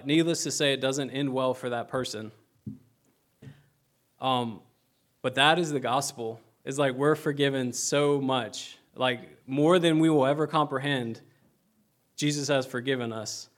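A young man giving a casual, conversational sermon, with many fillers and a self-deprecating tone. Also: mid-range voice. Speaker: preacher.

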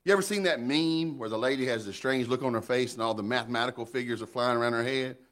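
Animated folksy preacher, middle-aged man. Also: medium pitch, quick pace. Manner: animated, folksy, repeats words when excited. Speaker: pastor. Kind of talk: sermon.

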